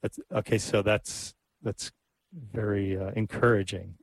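Male host, lowish monotone voice, asks long, winding questions. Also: measured pace, vocal fry, low-quality recording. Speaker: host, interviewer. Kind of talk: interview conversation.

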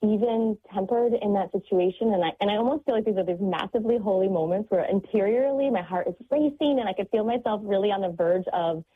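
A woman's voice: mid-range voice, quick pace, few pauses, husky. A woman speaking as a guest on a faith-based radio talk show, describing parenting in an earnest, reflective way with many fillers. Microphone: phone call. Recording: tinny phone line.

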